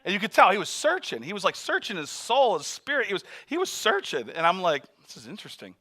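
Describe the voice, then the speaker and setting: A man telling a mission story in a sermon, animated, acting out voices and laughing often. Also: high voice, fairly quick.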